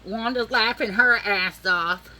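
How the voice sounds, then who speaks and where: A woman vlogging as she does her makeup, telling a story in a chatty, animated and profane way, acting out the people in it. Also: on the high side, takes it slowly, noisy background. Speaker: beauty vlogger.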